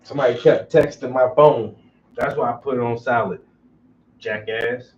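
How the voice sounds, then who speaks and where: A man's voice: mid-range voice, fairly even intonation, moderate pace, darkish tone. A man telling profane, joking stories casually while he paints. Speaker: painter streaming while working. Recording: distant, dull lo-fi with faint noise.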